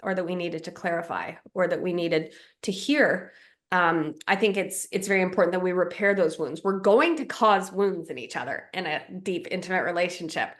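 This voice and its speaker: A woman's voice: fairly low pitch, moderate pace. A woman who works as a relationship coach, speaking in a conversational podcast style and explaining ideas reflectively through everyday examples and checklists.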